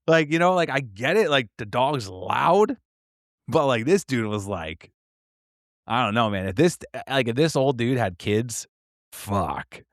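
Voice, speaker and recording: A man's voice: medium pitch, measured pace, dry recording, clean studio sound. A man co-hosting a casual podcast, telling delivery stories with lots of laughter and swearing. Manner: animated storyteller, acts out quotes, swears, laughs often. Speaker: podcast co-host, delivery driver.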